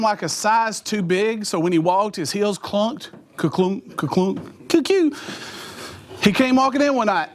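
A middle-aged man speaking to teenagers in a youth sermon. His voice sits fairly high, and he tells stories with energy, acting out sound effects and quoting his friends in their voices. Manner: animated storytelling with voiced sound effects and impressions.

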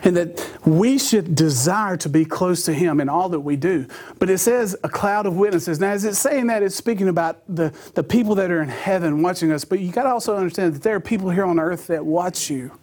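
A man's voice: high voice, fairly quick, few pauses, darkish tone. A man preaching a sermon, telling a funny personal story and laughing at his own jokes.

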